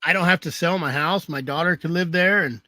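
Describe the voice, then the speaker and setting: Bright-voiced man, rambling hunting stories. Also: fairly high pitch, fairly quick, dry recording, studio quality. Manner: rambling, laughs through anecdotes. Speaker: hound hunter telling stories. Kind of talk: casual storytelling chat.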